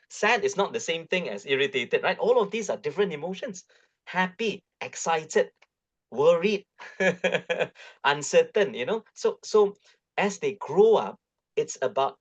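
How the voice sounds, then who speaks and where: A middle-aged man with a Malaysian English accent gives a webinar talk on parenting, coaxing and lively, full of tag questions. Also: fairly high pitch. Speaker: guest speaker. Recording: dull lo-fi webinar audio.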